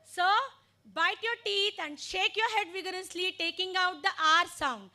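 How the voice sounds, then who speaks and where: Woman, teacher trainer, very high bright voice, slow phonics demonstration. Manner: slow, deliberate modeling of letter sounds and chants.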